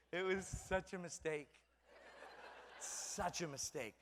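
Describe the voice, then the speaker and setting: A man's voice: high voice, slow, fairly bright tone, big-room sound. A middle-aged man giving a comedic talk on parenting to an audience, mocking himself as he acts out scenes from family life. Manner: self-mocking storyteller acting out family scenes. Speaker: parenting speaker.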